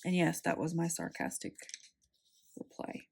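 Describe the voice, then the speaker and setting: A young woman chatting casually while setting up her planner, telling a story with animated, sarcastic quoted voices. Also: fairly low pitch, unhurried, creaky, slightly rough. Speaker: planner vlogger.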